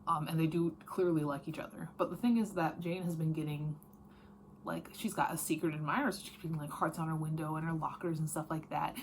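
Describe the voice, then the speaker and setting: Chatty, frank woman with a lowish voice. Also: steady tone, a little fast, slight background noise. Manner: chatty, frank, lots of fillers and self-corrections. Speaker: book vlogger. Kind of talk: casual reading wrap-up chat.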